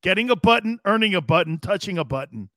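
Man, sports talk host, high voice, dry close sound, rowdy and jokey, live stream chat. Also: dry recording. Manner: animated, joking, profane, quick to laugh. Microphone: studio mic he adjusts himself.

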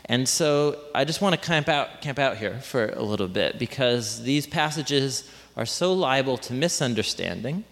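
A man's voice: medium pitch, creaky, a bit bright. A man preaching a sermon in a conversational, joking way, often restarting his sentences. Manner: conversational, self-interrupting, joking with the room. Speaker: pastor. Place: church hall. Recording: reverberant hall.

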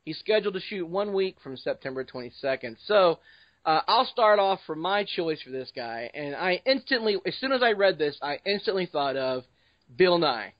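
Guy hosting a podcast, kinda high voice, rambly, muffled dry mic. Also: sing-song, normal speed, no echo. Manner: rambling, loose, many fillers. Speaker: podcast host. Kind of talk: casual podcast chat.

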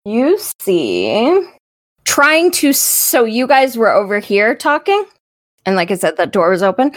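A woman's voice: fairly high pitch, big pitch swings, measured pace. A woman running a tabletop game as game master, narrating hesitantly with many fillers.

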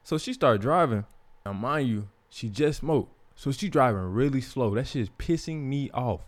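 A man's voice: medium pitch, normal speed. A young man, telling a personal story as a podcast host in a candid, profane, casual way. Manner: profane, candid, animated when quoting others.

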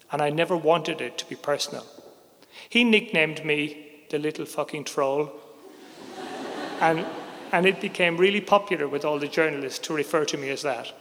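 A man's voice: on the high side, vocal fry, fairly bright tone, a little hiss or hum. A middle-aged man, a journalist, telling a personal story on stage in a candid, wry, conversational way. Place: theater stage before an audience. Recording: reverberant live hall.

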